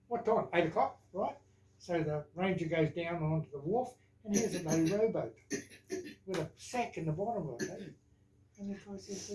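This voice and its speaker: A man's voice: sits high, animated, fairly quick, mellow. An older man with a New Zealand accent, casually telling family stories and jokes, with rambling asides like "right?" and "eh?". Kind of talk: casual storytelling. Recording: echoey room.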